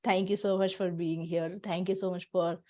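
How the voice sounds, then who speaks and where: A woman's voice: lowish voice, little pitch movement, normal speed, darkish tone. Chatty woman hosting a video call. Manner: chatty, laughs often, encouraging. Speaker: workshop host. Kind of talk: casual workshop talk on a video call. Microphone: computer mic on a video call.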